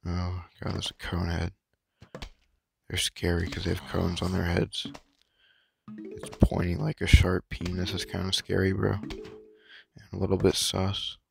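A man giving slangy, boastful, rambling let's-play commentary in a hushed voice late at night, with a frog in his throat and his voice cracking. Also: deep voice, monotone, unhurried, pauses often. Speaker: gamer. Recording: game music playing clearly underneath. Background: game music.

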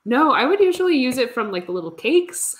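A woman's voice: sits high, big pitch swings, brisk. A woman teaching artist chatting casually while painting, self-deprecating and laughing often. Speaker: teaching artist doing a demo.

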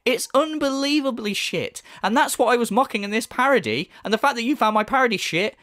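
A man's voice: very high voice, lively intonation, fast talker, pushed and bright, no echo, clean studio sound. A man giving an angry, sarcastic commentary full of swearing and mockery. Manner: profane, mocking, sarcastic rant. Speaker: YouTube commentator.

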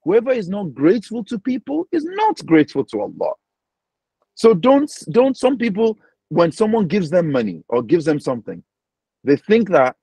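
A man's voice: high-pitched, very animated, normal speed, mellow, husky, dry recording, poor audio. A man, speaking as an imam giving a Ramadan reflection, acting out quoted voices and often checking in with "right?".

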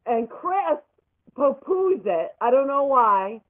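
Woman, excitable and emphatic, swooping intonation, phone-line sound. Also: high voice, slow pace. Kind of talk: casual chat.

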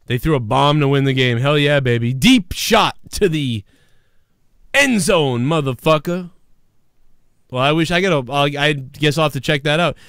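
A man hosting a live stream show in casual, profane chat, breaking into loud mock screams when excited. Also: fairly high pitch, normal speed, no room sound, studio quality. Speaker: livestream show host.

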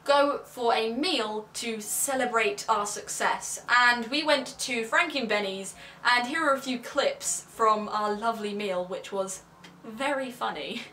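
A bright, slightly high-voiced teenage girl talks in a chatty, emotional vlog ramble, restarting her sentences. She sits a little back from the mic, so her voice carries the echo of the room around her. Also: unhurried, distant mic, slight background noise. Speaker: vlogger. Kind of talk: casual vlog chat.

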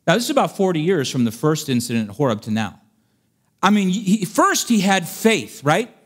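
A man preaching a sermon in an animated, humorous way, acting out scripture stories as he teaches. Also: high voice, normal speed.

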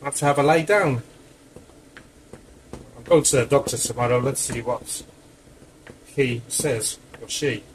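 A man's voice: medium pitch, measured pace, pauses often, slight background noise, low-quality recording. A man cooking in his home kitchen, talking casually through the steps with chatty asides, a little out of breath. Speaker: home cook.

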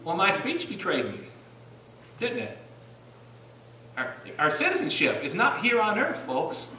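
In a church sanctuary, a man from Virginia preaches with a Southern accent, emphatic and questioning his congregation rhetorically. His voice sits high, swings hugely in pitch, and sounds pushed and bright, yet his pace is measured. It's a roomy recording from some distance with slight background noise.

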